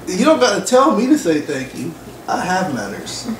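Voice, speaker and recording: A woman's voice: huge pitch swings, moderate pace. A woman, a parent, chatting and teasing her kids during a family meal. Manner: teasing, playful, low-key. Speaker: parent hosting a family mukbang. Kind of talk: casual family chat while eating. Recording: roomy home recording from a distance with noise.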